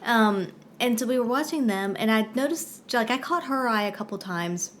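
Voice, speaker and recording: Relaxed higher-voiced woman co-host. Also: normal speed, a little hiss or hum. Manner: relaxed, chiming in and finishing her partner's stories. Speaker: podcast co-host. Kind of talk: casual chat.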